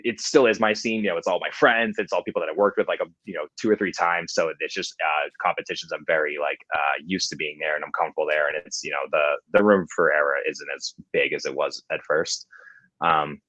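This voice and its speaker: A man's voice: extremely low pitch, fairly even intonation, fairly quick, bright, forceful tone, no room sound, highs cut off. A man who works as a competition MC and coach, chatting casually with many fillers and restarts. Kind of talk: casual podcast chat.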